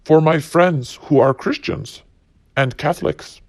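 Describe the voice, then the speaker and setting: A man's voice: fairly high pitch, measured pace, a little mellow, no echo. A man hosting a solo podcast, ranting bluntly and profanely while reading quotes. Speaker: podcast host.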